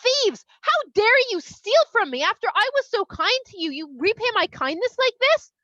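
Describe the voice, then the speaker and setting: Woman playing yosef, stern man scolding thieves, high bright voice, kinda dull recording. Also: big pitch swings, brisk, dry recording, exaggerated voice. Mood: angry. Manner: scolding, stammering with anger. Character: Yosef, male Egyptian ruler, stern and accusing.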